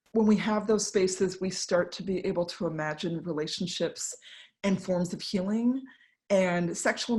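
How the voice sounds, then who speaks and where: A woman's voice: on the low side, a little mellow. A woman giving a talk to an online audience from home, candid and conversational, with fillers and asides, voicing the people she quotes. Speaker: invited speaker.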